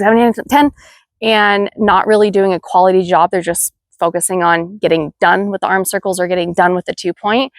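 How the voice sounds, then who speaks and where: A woman at a middle pitch talks other riding instructors through her tips, steady and practical, counting cues out loud. The sound is dry, with almost no room around her. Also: no echo. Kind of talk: instructional video talk.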